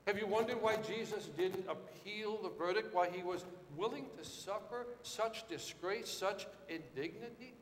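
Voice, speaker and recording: Dramatic high-voiced male preacher. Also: unhurried, hardly any pauses, roomy sound, long reverb tail, a little hiss or hum. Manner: dramatic, rising to shouted quotes and dropping to quiet. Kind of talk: sermon.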